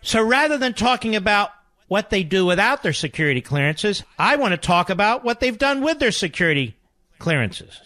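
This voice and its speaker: A man's voice: high voice, sing-song, moderate pace, bright, forceful tone, no echo. Man, talk radio host, indignant monologue, repeats for emphasis, dry close sound.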